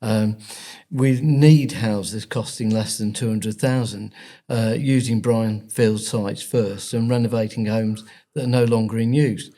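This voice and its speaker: A man with a mellow voice speaks as a local campaigner in a podcast interview. He talks haltingly, with frequent pauses and filler sounds between his points. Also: lowish voice, fairly even intonation. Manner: hesitant, many fillers and pauses.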